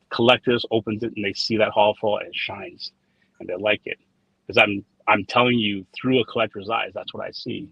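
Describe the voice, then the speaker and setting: A man's voice: fairly low pitch, fairly even intonation, fairly quick, gravelly, breathy edge, no room sound. A man being interviewed in casual conversation, rambling and repeating words as he tells anecdotes with quoted dialogue. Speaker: trading card designer, guest. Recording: dull lo-fi sound, dry.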